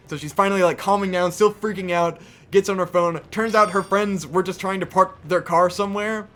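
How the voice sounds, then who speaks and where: A man's voice: sits high, fast talker, fairly bright tone. A young man co-hosting a podcast, telling a story in a casual, exasperated rant with heavy swearing. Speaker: podcast co-host.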